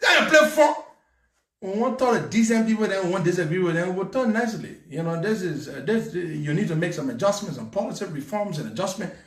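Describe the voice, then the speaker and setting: A man's voice: high-pitched, animated, brisk, fairly bright tone. A man with a Liberian English accent telling a mocking political story, laughing often as he goes. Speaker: political commentator. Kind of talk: storytelling commentary. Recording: echoey room, far from mic.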